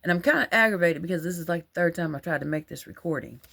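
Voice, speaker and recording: A woman, talking in a rambling, animated, colloquial monologue about religious ideas. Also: lowish voice, fast talker, gravelly. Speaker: religious vlogger. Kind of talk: casual monologue.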